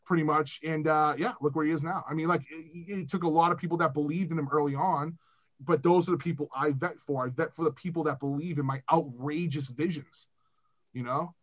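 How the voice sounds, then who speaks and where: A man's voice: on the high side, a little fast. A young man from Massachusetts, a music producer guest, talking casually and profanely in a podcast chat. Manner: animated, profane, rambling.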